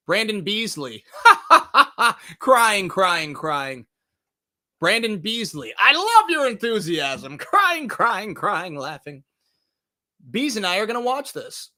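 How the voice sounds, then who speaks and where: Host, male, high and bright, very animated delivery, livestream movie countdown. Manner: excitable, swings between loud bursts and low asides, swears casually. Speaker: movie review show host.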